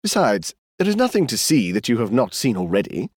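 A man's voice: mid-range voice, very animated, fairly quick, slightly rough, no echo. Man playing dry weary older diplomat. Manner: dry, patient, protesting. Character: weary fifty-five-year-old male diplomat, dry and patient. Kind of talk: audiobook character voice.

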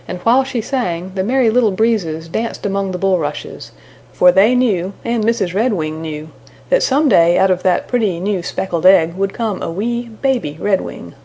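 A woman reading a children's storybook aloud in a gentle, measured way. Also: mid-range voice. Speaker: storybook narrator.

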